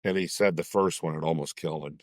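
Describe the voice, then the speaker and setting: A man co-hosting a casual interview, chatting in halting bursts and starting his sentences over. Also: rumbling low, steady tone, dry recording, clean studio sound. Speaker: show co-host.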